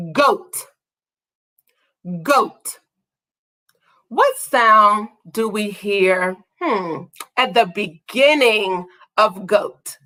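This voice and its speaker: A woman teaching an online phonics lesson to young children, speaking slowly and praising every answer. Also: medium pitch, sharp tone. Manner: slow, drawn-out and encouraging, praising each answer.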